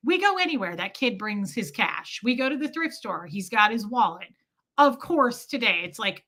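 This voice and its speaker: A woman hosting a casual livestream. She tells a story in an animated, sarcastic way, swearing freely and thanking viewers for super chats. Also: mid-range voice, moderate pace. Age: adult, mother of a school-age son.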